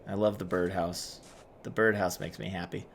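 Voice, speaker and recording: A man hosting a gaming channel, giving quiet, soft-spoken let's-play commentary and musing aloud as he explores. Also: deep voice, fairly even intonation, normal speed, vocal fry, slight background noise.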